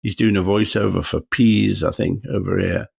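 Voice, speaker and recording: Gravelly older man. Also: deep voice, steady tone, darkish tone. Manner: rambling, halting restarts. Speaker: podcast host. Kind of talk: casual chat.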